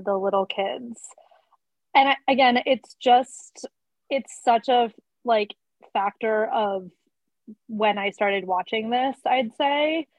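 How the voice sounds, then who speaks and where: Woman, higher voice, animated and self-mocking, close dry mic. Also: no echo, muffled recording. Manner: animated, self-deprecating, lots of fillers. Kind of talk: casual podcast chat.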